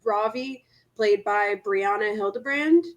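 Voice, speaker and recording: A woman's voice: medium pitch, slow pace, highs cut off. A woman co-hosting a casual movie review chat, thoughtful and a little hesitant. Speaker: co-host.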